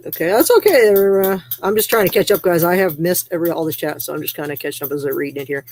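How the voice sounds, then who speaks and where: A woman's voice: on the low side, brisk, darkish tone, a little hiss or hum. A woman hosting a casual livestream, chatting loosely, reading viewer comments aloud and laughing easily. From Canada. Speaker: livestream host.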